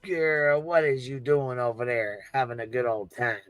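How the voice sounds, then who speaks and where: Man hosting a livestream; loose, profane, quick to laugh; dry sound with faint music under. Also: mid-range voice, fairly even intonation, a bit bright, clean tone, no room sound. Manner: profane, laughing, banter with chat. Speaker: livestream host. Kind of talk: casual livestream chat.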